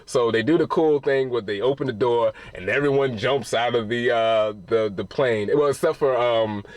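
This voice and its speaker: A man's voice: medium pitch, normal speed, dry recording. A man giving a casual spoiler recap of a film, talking loosely with cursing and frequent restarts. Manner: loose and profane, full of restarts. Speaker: movie reviewer.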